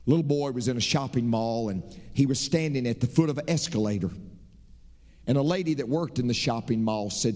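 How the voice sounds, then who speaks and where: A middle-aged man delivers a sermon from the pulpit, mixing homespun stories with emphatic calls to trust. His voice sits at an ordinary male pitch, rising and punching on key lines and then dropping to soft, confiding asides. The sound rings out with the long reverb of a church sanctuary. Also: fairly quick. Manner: folksy storytelling preacher, swings from loud emphatic lines to soft confiding asides. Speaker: pastor.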